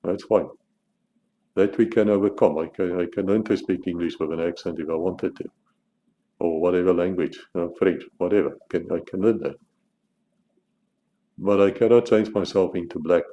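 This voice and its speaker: A low-pitched South African man holds forth in a blunt, combative monologue, tripping over repeated words as he pushes his point. His voice is dark and mellow. The audio is dull and lo-fi, with a faint hiss behind it. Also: fairly even intonation, moderate pace, long pauses. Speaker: author and channel host. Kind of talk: opinionated monologue to camera.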